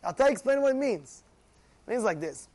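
Man, high voice, animated religious class talk, acts out voices, keeps checking in with listeners. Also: brisk. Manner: animated, acts out shouting voices, asks "you know?" often. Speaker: rabbi teaching a class. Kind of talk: Torah class sermon.

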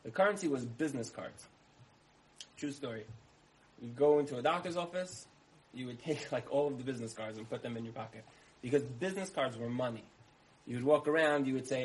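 A man's voice: mid-range voice, fairly quick, low-quality recording. A man giving a storytelling sermon, repeating key phrases for emphasis and acting out the dialogue of his story. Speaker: speaker giving a talk.

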